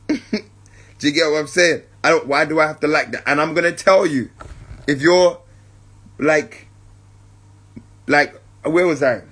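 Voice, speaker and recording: A man with a fairly high, slightly bright voice hosts a spiritual podcast. Unhurried and reflective, he repeats points for emphasis and regularly checks in with listeners, calling them family.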